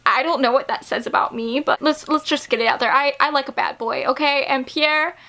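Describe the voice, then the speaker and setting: High bright-voiced gushing woman vlogger. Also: steady tone, brisk. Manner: gushing, giggly, full of fillers. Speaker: book vlogger. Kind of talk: casual chat to camera.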